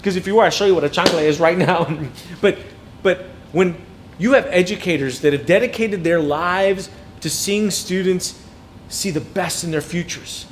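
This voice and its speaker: A man's voice: sits high, normal speed, slight background noise. A man in his thirties telling personal stories as a motivational speaker to educators, acting out quotes and often repeating words. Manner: animated storyteller, acts out quotes, repeats words. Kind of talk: storytelling keynote speech.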